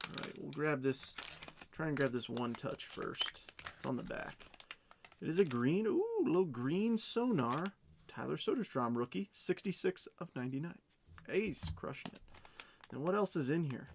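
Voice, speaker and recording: A man hosting a live card-breaking stream, reading off pulls quickly and chatting with his viewers. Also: a little high, creaky, a little hiss or hum. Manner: rapid rundown of cards, chatting with viewers.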